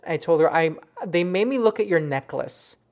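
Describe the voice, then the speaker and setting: A psychic medium tells the story of a reading in an earnest, personal way. The voice is soft and emotional, with frequent stumbles and restarted sentences, as if working through the memory aloud. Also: medium pitch, expressive. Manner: earnest, halting, with many restarts; softly emotional.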